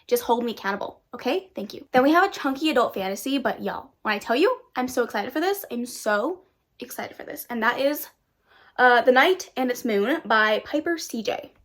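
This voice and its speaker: A young woman, chatting casually and excitedly to her viewers about books she plans to read. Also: fairly high pitch, brisk. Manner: bubbly, self-hyping, talks to viewers directly. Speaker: booktuber. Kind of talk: casual chat.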